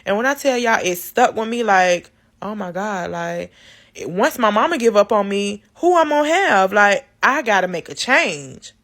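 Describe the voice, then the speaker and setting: A woman's voice: medium pitch, lively intonation, normal speed, fairly bright tone. A woman vlogger telling her life story in a casual storytime, speaking candidly and directly to her viewers. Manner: candid, talks straight to viewers; loose and conversational, many fillers.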